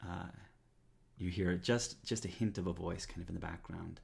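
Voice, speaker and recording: A man narrating as game master of a tabletop game, describing scenes with frequent pauses and fillers. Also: low voice, steady tone, vocal fry, a little mellow. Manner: descriptive, hesitant with many fillers.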